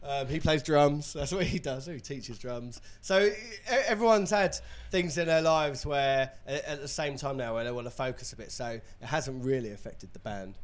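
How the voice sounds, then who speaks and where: A man's voice: medium pitch, moderate pace, few pauses. A man, a band singer who also works in law, chatting casually and rambling with restarts. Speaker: band singer and legal professional. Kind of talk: casual podcast chat.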